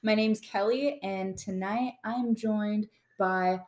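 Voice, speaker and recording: A woman's voice: medium pitch, fairly even intonation, takes it slowly, darkish tone. A woman hosting a podcast with friends, chatting in a playful, bubbly way and swearing casually. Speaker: podcast host. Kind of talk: casual chat. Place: finished basement.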